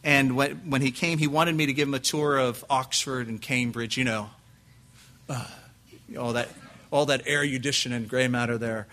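A male pastor telling a lively personal story, acting out his quotes and restarting his sentences often. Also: medium pitch, normal speed. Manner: animated anecdote with acted quotes, frequent restarts and laughs. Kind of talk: preaching storytelling.

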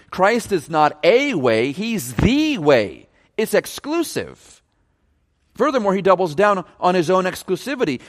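A man preaching a sermon, emphatic and stressing key words as he explains a passage. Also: a bit bright. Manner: emphatic, varies pitch widely for stress. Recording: long reverb of a large hall.

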